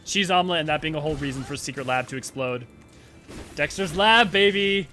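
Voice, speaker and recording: A man's voice: mid-range voice, rapid-fire, faint music behind. A man streaming a game, rambling and joking casually while he plays and chats. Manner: animated, rambling, jokey. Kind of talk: casual let's-play commentary.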